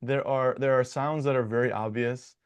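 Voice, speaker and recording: A man's voice: medium pitch, steady tone, moderate pace, clean tone. A man from Michigan working as a dialect coach, explaining his ideas in a conversational interview, with frequent restarts and repeated words.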